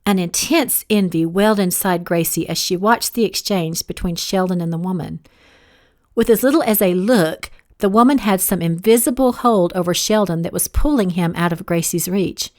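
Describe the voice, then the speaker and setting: A woman reading her own novel aloud as audiobook narration, steady, giving each character a voice. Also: fairly low pitch, moderate pace.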